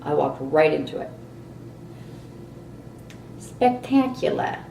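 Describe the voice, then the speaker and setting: A middle-aged woman vlogging a candid personal story, animated and exasperated at times. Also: low voice, normal speed, creaky, slight background noise. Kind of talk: personal reflective monologue. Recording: roomy echo, distant mic, faint ambience.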